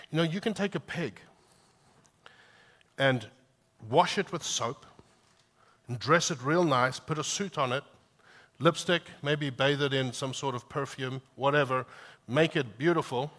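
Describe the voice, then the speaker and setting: A man preaching a sermon, lively and animated, acting out quotes from scripture. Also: medium pitch. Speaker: pastor.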